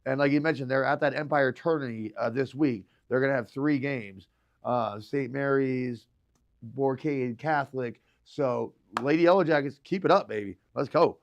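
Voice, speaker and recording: A man co-hosting a local sports radio show, excitable, reeling off stats. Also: mid-range voice, moderate pace, gravelly, lo-fi sound. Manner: excitable, hypes teams, rattles off stats. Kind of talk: casual sports talk radio.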